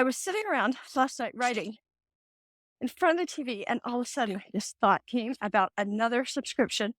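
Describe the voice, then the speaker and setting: Middle-aged woman, host of a faith talk, animated storytelling, fairly high voice, dry close sound. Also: brisk, no room sound. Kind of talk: casual faith-based talk.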